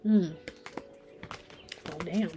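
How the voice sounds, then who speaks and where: A woman's voice: lowish voice, drawn-out words, noisy background. A woman giving a pick-a-card tarot reading in a chatty way, thinking aloud as she draws cards. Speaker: tarot reader.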